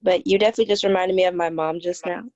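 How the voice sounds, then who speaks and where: A woman's voice: fairly low pitch, fairly even intonation, rapid-fire, a little mellow, no room sound, lo-fi sound. A young woman in her early twenties, telling a story animatedly and giggly in a casual chat. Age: 20s.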